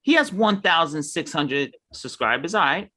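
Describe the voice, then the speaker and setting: A man's voice: on the high side, lively intonation, moderate pace, pushed and bright. A man, co-hosting a casual show, ranting heatedly and mimicking other people. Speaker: podcast co-host. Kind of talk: casual chat.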